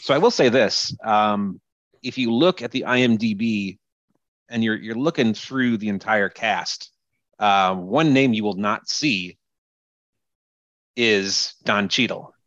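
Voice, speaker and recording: A man with a fairly low voice co-hosts a casual chat, relaxed and plain-spoken as he lays out his points. The recording sounds slightly dull and muffled, and it is dry with no room echo. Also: takes it slowly. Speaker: podcast co-host. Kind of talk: casual chat about movies.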